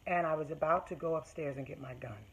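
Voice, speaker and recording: A woman vlogger with a low, husky voice speaks fast in a low-quality recording. In a storytime monologue to camera, she tells her viewers a personal story, emphatic and repeating phrases to make her point.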